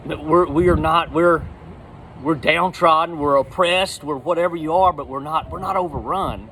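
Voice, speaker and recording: Guy preaching casual outdoors, kinda high voice, bit of traffic noise behind. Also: moderate pace, creaky, poor audio. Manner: folksy and animated, with repeated words. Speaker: lay preacher. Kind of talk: casual sermon.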